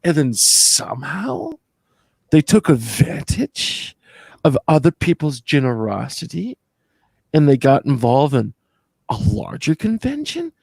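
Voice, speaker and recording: A young man chats as co-host, tripping over repeated words as he builds mock-outraged points. His voice has a gravelly edge. The sound is dry and close. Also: fairly high pitch, very animated, measured pace, darkish tone, dry recording. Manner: stammering restarts, mock-indignant. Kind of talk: casual podcast chat.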